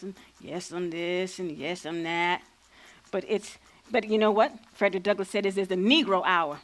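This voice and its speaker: A woman's voice: on the low side, a bit bright. A woman playing a spirited older freedom fighter on stage. She tells stories in a folksy vernacular, by turns playful and defiant. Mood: earnest. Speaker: lead actor. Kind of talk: stage acting.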